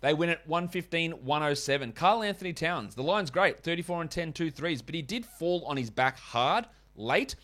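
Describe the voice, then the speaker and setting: A man's voice: fairly high pitch, animated, a bit bright. A man hosting a fantasy basketball podcast, running through stats and ad reads with chatty, wry asides. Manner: chatty, wry asides, quick stat rundowns. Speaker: podcast host.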